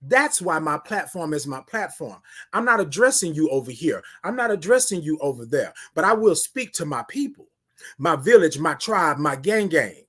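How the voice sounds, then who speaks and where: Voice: medium pitch, very animated, moderate pace, slightly rough. A livestream morning show host giving an emphatic motivational talk, repeating key phrases and greeting viewers by name. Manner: talks straight to viewers and greets them by name.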